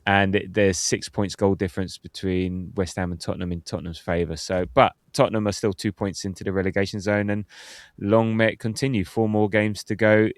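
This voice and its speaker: A low-pitched man in his fifties talks football on a podcast in a loose, chatty way, laughing easily as he goes. His voice sits close and dry, with no room sound around it. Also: level tone, a little fast, no echo. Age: 50s. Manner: chatty, laughs often, reads out listener comments. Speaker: podcast host. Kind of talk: casual football podcast chat.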